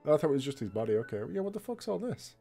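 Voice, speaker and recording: A man's voice: fairly high pitch, big pitch swings, rapid-fire, creaky, warm tone, husky, soft background music. A man hosting a let's play, commenting on a video game with frequent laughs, swearing and joking asides. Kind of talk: gameplay commentary.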